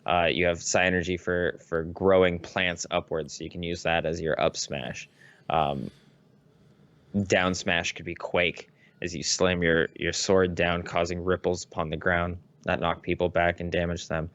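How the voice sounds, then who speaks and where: A man co-hosting a podcast in casual chat, swearing a lot and getting excitable as he tells stories. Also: sits low, a little slow, clean tone, no room sound, highs cut off. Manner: profane, excitable storyteller. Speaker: podcast co-host.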